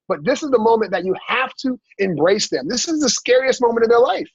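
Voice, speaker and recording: A man coaching his team in a motivational training talk, energetic and asking "right?" after every point. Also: very high-pitched, a little fast, husky, no room sound. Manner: energetic, repeats "right?" often, acts out dialogue. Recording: dull lo-fi sound.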